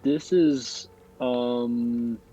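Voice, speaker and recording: A man playing a tabletop game, speaking hesitantly with many pauses and fillers. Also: mid-range voice, steady tone, dark tone, faint music behind. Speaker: player. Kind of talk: casual tabletop play. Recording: slightly dull lo-fi audio.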